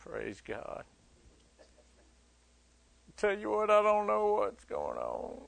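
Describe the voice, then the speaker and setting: A man's voice: high-pitched, wildly swooping pitch, slow pace, creaky, no room sound. A male pastor preaching a sermon in a conversational, emphatic way, joking with his listeners.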